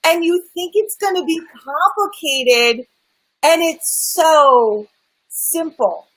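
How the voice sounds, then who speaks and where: A woman's voice: extremely high pitch, slow, a bit bright, poor audio. A woman guest, a spiritual life coach, candidly telling her personal story in an earnest, emphatic way. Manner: earnest, emphatic, sometimes swears.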